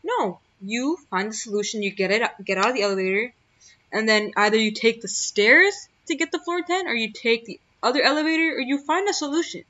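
A woman's voice: a little high, animated, brisk, sharp tone, lo-fi sound. A young woman hosting a solo motivational podcast, talking earnestly and emphatically, often repeating her key phrases. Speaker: podcast host.

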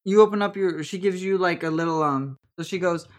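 A woman's voice: fairly low pitch, brisk. A woman running a tabletop role-play game as game master, narrating casually with many fillers.

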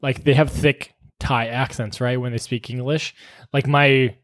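A man's voice: medium pitch, fairly even intonation, a little slow, a bit bright. A young man chatting casually and telling rambling stories, with many restarts and frequent swearing. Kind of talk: casual chat.

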